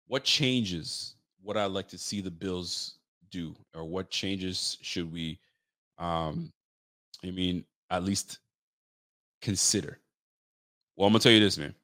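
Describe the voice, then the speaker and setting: A fairly low-voiced young man talks sports on his podcast in a loose, slangy way, jumping up in pitch when he acts out what other people said. The sound is dry and close, with no room around it. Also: no echo. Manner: animated, lively storytelling with mimicked quotes; loose street slang and swearing. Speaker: podcast host. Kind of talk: casual sports talk chat.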